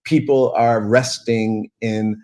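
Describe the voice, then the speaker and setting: A man gives earnest explanations in an interview, speaking in a measured way. He often repeats a word before finishing his thought. His voice sits at an ordinary middle pitch. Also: fairly even intonation, mellow. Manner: measured, earnest, halting repetitions. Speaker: presenter in an archived video. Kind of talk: interview talk.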